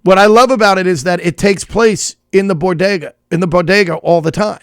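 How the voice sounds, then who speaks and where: A man's voice: sits high, brisk, clean tone, no echo, studio quality. A middle-aged man co-hosting a casual comedy chat, rambling with restarts and laughing often. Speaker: comedian co-host.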